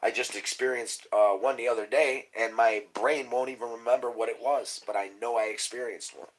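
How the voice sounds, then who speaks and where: A man rambling on a casual livestream, swearing freely and drifting into conspiracy talk and quiet mumbled asides. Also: medium pitch, fairly even intonation, fairly quick, low-quality recording. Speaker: livestream host.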